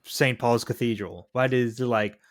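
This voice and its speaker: A man's voice: mid-range voice, steady tone, moderate pace, no room sound, clean studio sound. A man co-hosting a casual podcast who questions and picks apart plot holes. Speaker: podcast co-host. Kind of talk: casual chat.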